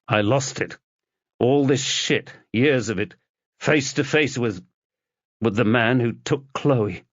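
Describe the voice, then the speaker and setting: A man's voice: medium pitch, slow, no echo. A man voicing a tense detective and protective husband who talks tersely, in a dull lo-fi recording.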